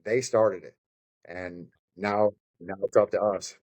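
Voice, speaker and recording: A man's voice: on the low side, fairly even intonation, slow pace, a little mellow. A man, a fighter guest on a podcast, talking in a rambling, profane and fired-up way in casual conversation. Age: adult with children.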